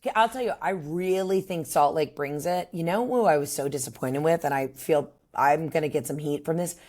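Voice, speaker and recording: Lively woman comedian telling stories. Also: sits low, brisk. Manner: animated storyteller who acts out quoted voices. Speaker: podcast guest, comedian. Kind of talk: casual podcast chat.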